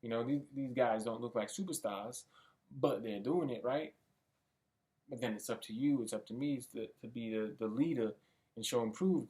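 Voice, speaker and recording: A young man thinking out loud in a rambling motivational monologue, casual and sometimes swearing. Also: mid-range voice. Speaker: vlogger. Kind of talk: motivational self-talk monologue.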